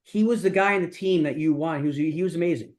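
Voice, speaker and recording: A man's voice: a little high, fast talker. A middle-aged man, a business coach, talking casually and emphatically in a masterclass, with frequent restarts. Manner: rambling, emphatic, with many restarts.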